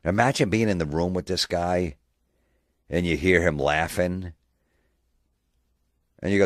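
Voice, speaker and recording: A man's voice: low-pitched, a little slow, pauses often, no room sound, clean studio sound. A man hosting a podcast, ranting in a profane, sarcastic way and mocking people in put-on voices. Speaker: podcast host. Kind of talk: comedic rant.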